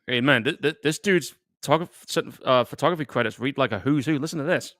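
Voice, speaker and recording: A man's voice: mid-range voice, fairly quick, fairly bright tone, no room sound, clean studio sound. A man from England, co-hosting casual live movie commentary, laid-back, chuckling and swearing casually. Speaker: co-host.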